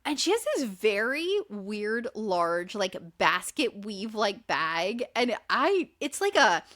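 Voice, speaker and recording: A woman's voice: mid-range voice, sing-song, slow pace, a bit bright. Chatty woman podcast host. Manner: chatty, filler-heavy, swears freely. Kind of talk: casual chat recapping a reality show.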